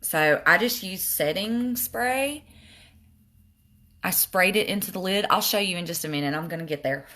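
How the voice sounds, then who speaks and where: A woman's voice: fairly low pitch, expressive, moderate pace, bright, forceful tone. Chatty Southern woman doing her makeup. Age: older. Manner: chatty, self-deprecating, reads comments aloud. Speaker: makeup live streamer. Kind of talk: casual makeup tutorial live stream.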